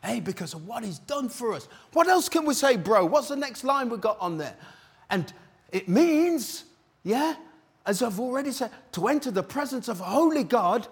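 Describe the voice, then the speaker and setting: A British man with a voice that sits high preaches a sermon at a church service. He's exclamatory and rousing, calling out to the congregation.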